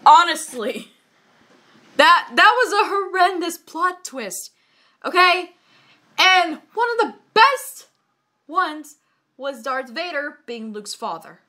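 A woman reading a bad story aloud in a mock-dramatic way, breaking into high laughing shrieks and comments. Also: big pitch swings, slow pace, long pauses, pushed and bright. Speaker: reader of bad fan fiction.

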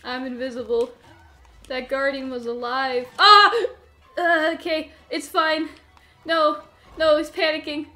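Soft music plays behind a woman whose high, fairly bright voice stays level and unhurried. She is hosting a let's-play on her gaming channel, chatting casually and a bit nervously. She laughs and speaks to her character while playing.

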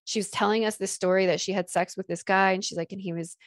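A woman's voice: mid-range voice, steady tone, quick pace, no room sound, studio quality. A woman in her thirties chatting casually and frankly as a podcast guest, acting out quotes with gasps. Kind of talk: casual chat.

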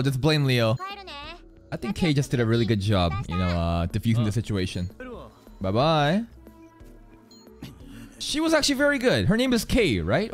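In a fairly high voice, a man reacts live to an anime episode with loose, foul-mouthed commentary, laughing frequently and shouting back at what he sees.

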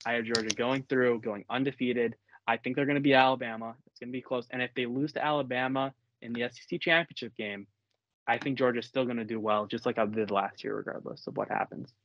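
A college-age man hosting a casual sports podcast, excitable and opinionated, often restarting his sentences. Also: medium pitch, fast talker, dry recording. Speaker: podcast host. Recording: dry, dull lo-fi audio.

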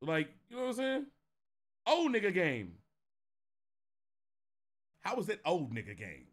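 Animated high-voiced streamer man. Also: measured pace. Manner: animated, swings from low mutters to loud laughing outbursts. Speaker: streamer reacting to clips. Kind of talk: casual reaction stream chat.

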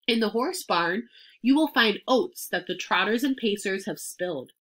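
A woman's voice: medium pitch, expressive, normal speed, fairly bright tone. A woman reading aloud and voicing an old sheep who lists tempting treats in a coaxing way. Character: old storytelling sheep, female.

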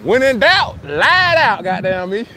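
A man's voice: high-pitched, sing-song, slow pace, bright, forceful tone, slight background noise. A middle-aged man hosting a casual outdoor livestream, talking loosely and profanely, laughing often and answering comments. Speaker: livestream host. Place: outdoors at a beach.

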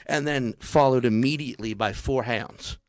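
A man's voice: mid-range voice, moderate pace, dry recording, studio quality. A man telling a comedy story in casual talk, acting out the voices of the people in it.

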